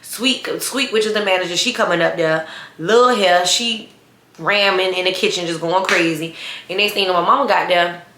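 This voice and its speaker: A young woman vlogger telling a story in casual chat, blunt, sassy and animated, often laughing. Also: on the low side, moderate pace. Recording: roomy echo.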